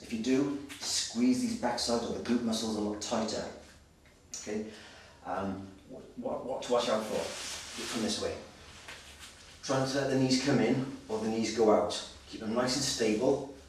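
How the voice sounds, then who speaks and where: A slightly breathless male personal trainer demonstrating exercises, giving brisk, direct coaching with frequent check-ins. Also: medium pitch, steady tone. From Wales. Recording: very echoey, distant, noisy room sound.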